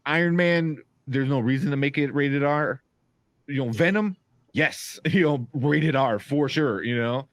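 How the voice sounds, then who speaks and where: A man with an average-pitched voice talks through a film review in a relaxed, chatty way. He's recorded up close with a dry sound, and he often slips into little quoted asides. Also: a little slow, dry recording. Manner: laid-back, quotes himself in asides. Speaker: movie reviewer. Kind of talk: casual chat.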